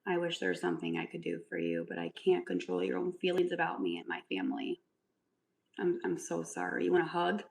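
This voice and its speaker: Gravelly-voiced woman, sarcastic streamer. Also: on the low side, a little fast, poor audio. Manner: sarcastic and mock-sweet. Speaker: livestreamer with a son. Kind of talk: casual livestream chat answering comments.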